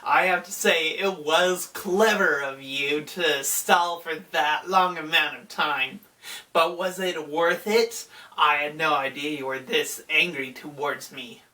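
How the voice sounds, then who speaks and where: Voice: mid-range voice, takes it slowly, bright, forceful tone, distant mic, voice pushed down. A video recapper voicing a cold, mocking male demon lord who taunts his enemy. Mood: sneering.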